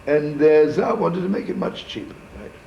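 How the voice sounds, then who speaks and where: Folksy rabbi with a gravelly, digressive storytelling voice. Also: male voice, a little high, normal speed, a little hiss or hum. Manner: folksy, digressive, with frequent "right?" asides; sprinkles Yiddish words. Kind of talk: informal storytelling talk. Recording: echoey, muffled archival room recording.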